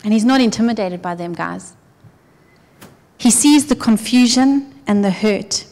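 A woman preaching a sermon in an earnest, conversational way, her voice often dropping soft. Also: medium pitch, a little slow. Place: church hall. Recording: church hall with long reverb.

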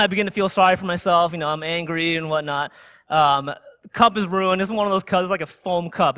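Young male preacher, high and bright voice, dry close sound, lively sermon storytelling. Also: dry recording. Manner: animated storytelling with frequent "right?" tag questions. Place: church sanctuary.

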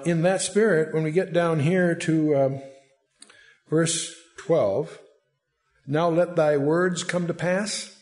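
A man with a fairly high, darkish-toned voice teaches a Bible study, speaking conversationally and digressing with asides. When he reads scripture aloud, his voice lifts.

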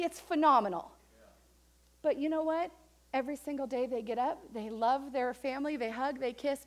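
A woman pastor preaching a lively sermon in church, reading scripture and acting out quoted voices. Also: high voice. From United States. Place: church sanctuary.

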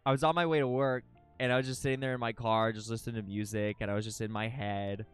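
Over soft background music, a young streamer talks fast and smoothly in a medium-pitched, fairly even voice. He chats casually with viewers in a rambling, emotional way, cursing frequently and starting sentences over.

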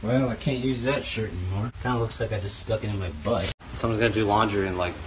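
A young man talks straight to his camera out in the woods, joking and complaining with plenty of drama. His voice sits a little low. Steady outdoor noise hums behind him. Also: fast. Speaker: vlogger. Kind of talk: casual vlog commentary.

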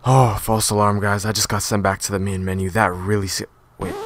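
Excitable young man, slangy gaming commentary. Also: lowish voice, fairly quick. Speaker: gaming YouTuber. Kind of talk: energetic gameplay commentary.

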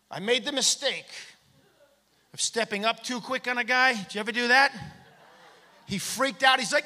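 Male stand-up comic, high-pitched, lively, acts out shouted bits, live theater reverb. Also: fairly quick. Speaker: stand-up comedian. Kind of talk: stand-up comedy set. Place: theater stage. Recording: long hall reverb from a theater.

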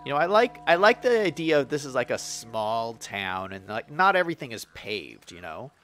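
A man's voice: mid-range voice, normal speed, soft background music. A young man streaming a city-building game, chatting casually and reading viewer comments aloud with lots of fillers and restarts. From Western United States. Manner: chatty, lively, reads chat aloud with frequent fillers.

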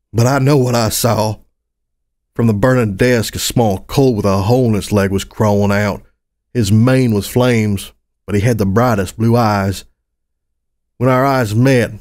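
A man reading a first-person story aloud as a narrator, gritty and expressive, with casual swearing. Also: on the low side. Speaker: audiobook narrator.

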